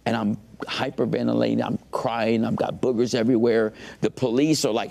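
Gravelly earnest man sharing testimony. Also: mid-range voice, little pitch movement, normal speed, darkish tone. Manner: earnest, emotional storytelling. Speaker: guest telling his testimony. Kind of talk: personal faith testimony.

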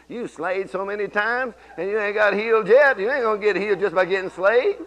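A middle-aged man preaching a sermon, telling folksy stories and swinging from low murmurs to loud exclamations. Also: fast, hardly any pauses. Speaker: pastor.

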